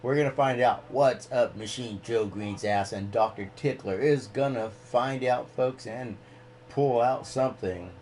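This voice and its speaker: A man's voice: mid-range voice, a little slow, darkish tone, slight background noise. A man hosting a casual live stream, rambling and ranting freely with plenty of swearing.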